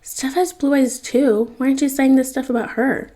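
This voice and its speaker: A woman's voice: on the high side, normal speed, dark tone, breathy edge. A woman voicing a prying teenage boy who questions his friend in a dry, insistent way. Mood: wry.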